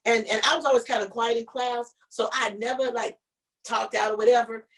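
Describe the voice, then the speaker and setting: Telling an animated story on a casual live stream she co-hosts, a woman trips over repeated words. She speaks briskly with fairly even intonation, and her somewhat high voice comes across as far from the microphone.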